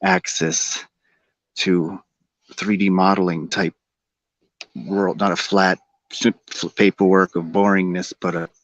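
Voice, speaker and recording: A man's voice: little pitch movement, slow pace, long pauses, a bit bright, dry recording. A man in casual conversation, rambling from thought to thought and laughing often. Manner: rambling, meandering, laughs often, breaks into silly high sing-song. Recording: dull, dry lo-fi sound.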